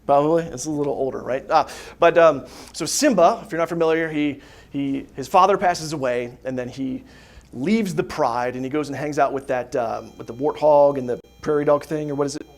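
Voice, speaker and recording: A man's voice: on the high side, brisk. A man giving a casual faith talk to a group of parents, full of rhetorical questions and asides like "right?". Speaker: catechist teaching parents. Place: parish hall dinner gathering.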